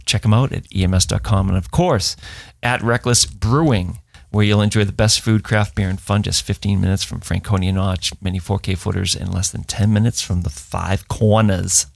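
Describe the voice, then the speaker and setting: A man's voice: low-pitched, steady tone, normal speed, vocal fry, hardly any pauses, dry recording, studio quality. A man from New co-hosting a hiking podcast, chatting casually, joking and reading sponsors. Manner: jokey, laughs often. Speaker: podcast co-host. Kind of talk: casual chat and sponsor reads.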